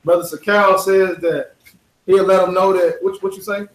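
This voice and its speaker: A man's voice: sits high, fairly even intonation, normal speed. Chatty preacher questioning his congregation. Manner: conversational, asks the congregation questions, uses slang. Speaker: preacher leading a Sabbath lesson. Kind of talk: casual interactive sermon. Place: congregation hall. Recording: echoey hall.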